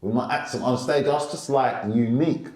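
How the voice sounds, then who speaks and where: A middle-aged male stand-up comedian, telling animated stories in a casual interview. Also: brisk, echoey room. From England. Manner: animated, lively storyteller who jumps up in pitch for quotes.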